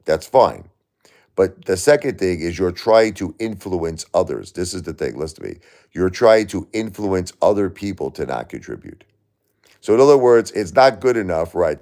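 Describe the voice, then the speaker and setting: A man's voice: low-pitched, darkish tone. A middle-aged man on a live stream, grieving and confrontational, firing repeated questions back at commenters in chat.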